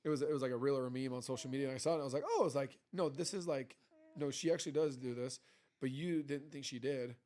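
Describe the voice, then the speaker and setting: A man's voice: medium pitch, fast talker, a little mellow. Man, thirties, podcast co-host, casual rambling chat, acts out quotes.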